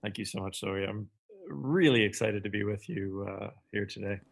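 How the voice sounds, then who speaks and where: A middle-aged man with a Canadian accent, answering as an interview guest in a measured, thoughtful way. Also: on the low side, gravelly. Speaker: guest, business strategist. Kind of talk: podcast interview.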